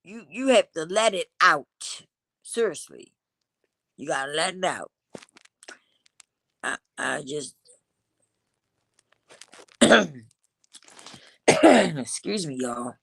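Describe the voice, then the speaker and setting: A woman's voice: low voice, expressive, very slow, vocal fry, pauses often, no room sound. A woman hosting a livestream, talking emphatically to her viewers in casual vernacular, a little stuffy from a cold. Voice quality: slightly congested from a cold. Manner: emphatic, preachy, addresses the audience as y'all; African American Vernacular English speech. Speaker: livestream host. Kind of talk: casual motivational talk to viewers.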